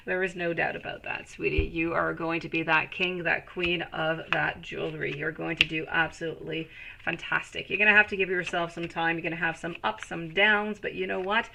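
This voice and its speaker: A woman's voice: fairly low pitch, gravelly, background noise. A woman giving live tarot readings to viewers, reassuring and calling them sweetie. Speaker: tarot reader.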